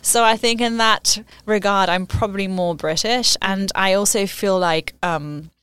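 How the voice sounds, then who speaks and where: A woman's voice: mid-range voice, measured pace, a bit bright, clean tone, no echo. A young woman from Germany, talking casually in an interview and filling her speech with "like" and "um". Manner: chatty, lots of "like" and "um" fillers. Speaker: guest.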